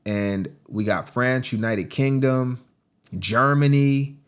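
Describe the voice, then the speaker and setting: Gaming vlogger guy, lowish voice, talks to his "team", gets hyped now and then. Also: moderate pace. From United States. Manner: chatty, addresses viewers as team, excitable bursts. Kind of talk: casual screen-recording commentary.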